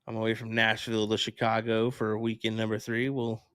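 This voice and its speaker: A man's voice: on the low side, completely flat delivery, fairly quick, fairly bright tone, clean tone, no room sound. A man co-commentating a darts match live, talking in a laid-back, casual way with dry humor.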